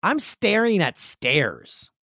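A man's voice: sing-song, slow pace, gravelly, slightly rough, dry recording. Guy rambling on his podcast, bouncy voice, dry close mic. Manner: chatty, jokey, acts out friends in loud high voices. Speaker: podcast host. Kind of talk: casual solo podcast chat. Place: home studio with stairs nearby.

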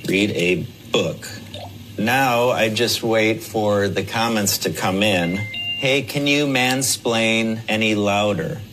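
A slow deadpan energy vampire. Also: male voice, lowish voice, slight background noise, low-quality recording. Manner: flat, dry deadpan delivery. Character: deadpan male energy vampire feeding off online trolling. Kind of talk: TV comedy scene.

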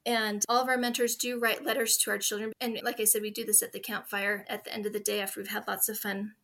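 A woman's voice: mid-range voice, flat delivery, quick pace, vocal fry, a bit bright. A woman in her forties, a guest in a conversational interview, telling heartfelt stories in an earnest way.

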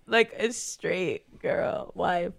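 A woman's voice: on the low side, lively intonation, very slow, creaky, breathy edge. A young woman in an improvised comedy scene, teasing in a mocking, sing-song way.

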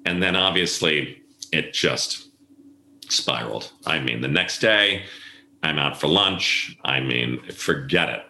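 A man's voice: very deep voice, expressive, takes it slowly, creaky, bright, forceful tone. A middle-aged man, an event planner, telling stories in a casual interview and acting out the voices of people he quotes. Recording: echoey room.

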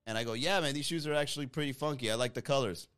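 A man's voice: mid-range voice, rapid-fire, clean tone. A man hosting a podcast, telling a comic story and acting out the people in it. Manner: animated, mimics people in his story. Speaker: podcast host.

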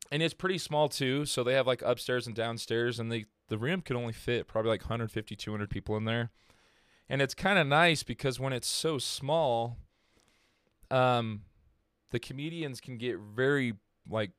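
Podcast guy rambling thru a story, lots of ums and likes, smooth clear voice, dry close sound. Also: mid-range voice, a bit bright, no echo. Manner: rambling, filler-heavy, laughs at own jokes. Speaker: podcast host. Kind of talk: casual storytelling chat.

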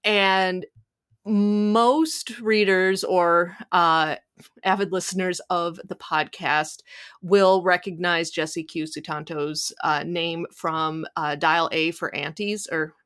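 Chatty Midwestern woman, low voice. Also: fairly even intonation, slow pace, fairly bright tone, clean tone. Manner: chatty, many fillers and restarts. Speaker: podcast co-host. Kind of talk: casual book podcast chat.

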